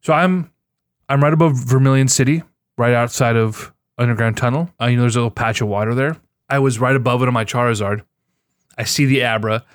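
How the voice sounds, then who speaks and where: An excitable man chats casually about his video game catches, swearing often and jumping into loud bursts. His voice sits at an ordinary middle pitch. The sound is close and dry, with no room around it. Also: fairly quick, no room sound. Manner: excitable, profane, storytelling. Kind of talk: casual gaming chat.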